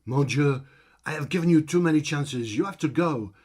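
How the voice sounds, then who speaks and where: Man putting on a pompous storybook ringmaster, fake french accent, loud and raised in pitch, a touch distant, husky edge. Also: moderate pace. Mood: indignant. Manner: overdramatic, loud, flouncing.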